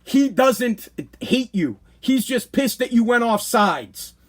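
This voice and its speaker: A middle-aged man with a notably high voice holds forth on his livestream podcast. He talks in a blunt, animated way, hammering his points home by repeating them. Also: slow pace. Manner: animated, blunt, preachy advice with many repetitions. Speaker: podcast host. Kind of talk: casual livestream monologue.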